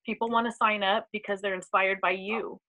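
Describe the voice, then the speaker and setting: Woman with a bright voice sharing her story live, heartfelt, lots of ums. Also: medium pitch, little pitch movement, a little fast, poor audio. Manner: heartfelt, hesitant with many ums. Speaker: team member sharing a testimonial. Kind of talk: emotional personal testimony. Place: live online video.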